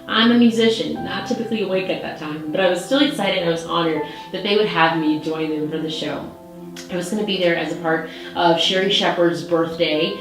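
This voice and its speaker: A woman's voice: on the low side, brisk, over music. A young woman in her twenties hosting her own show, telling a story in a bubbly, chatty way full of likes. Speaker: show host. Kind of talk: casual storytelling. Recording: very echoey room.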